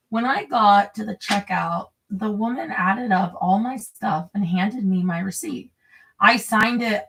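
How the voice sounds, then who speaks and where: A woman reads a memoir aloud and keeps wandering off into crude, rambling chatter between passages. Her voice sits a little away from the microphone, so it sounds slightly distant. Her pitch stays in a middle range. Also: fairly bright tone. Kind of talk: reading a memoir aloud with off-script asides. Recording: voice a bit distant from the mic.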